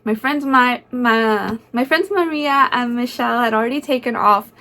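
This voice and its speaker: A woman narrating a casual vlog in a chatty, excitable way, full of fillers like "um" and "like.". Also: on the high side, normal speed. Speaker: concert vlogger.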